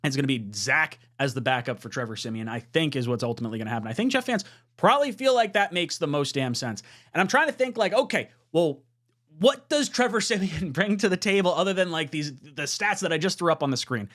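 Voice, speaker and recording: This thirties-aged host gives fan commentary with lively intonation and a fairly quick pace. Frustrated, he lurches from quiet muttering to loud eruptions in his casual talk.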